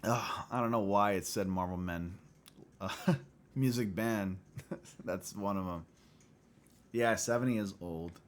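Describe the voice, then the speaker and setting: A man's voice: low-pitched, slow, long pauses. A man in his late twenties, chatting casually with his livestream viewers, rambling and laughing often. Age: late 20s. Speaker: livestream host.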